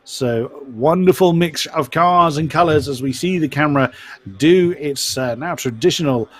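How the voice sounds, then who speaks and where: A man's voice: a little high, normal speed, a bit bright. A man giving live commentary on a sim race. He is chatty and self-deprecating and stumbles over driver names.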